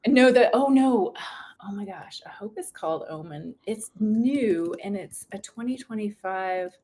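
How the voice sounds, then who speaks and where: A woman's voice: medium pitch, expressive, unhurried, a little mellow. Middle-aged american woman chatting as a guest, laughs a lot, cuts herself off and restarts. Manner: chatty, laughing, self-interrupting. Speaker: guest author. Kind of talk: casual conversation.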